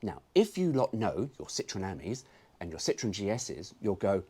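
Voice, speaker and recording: A man's voice: fairly low pitch, very animated, moderate pace, mellow, husky. A man hosting his own car video, chatting casually with cheeky, sweary jokes. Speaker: car vlogger.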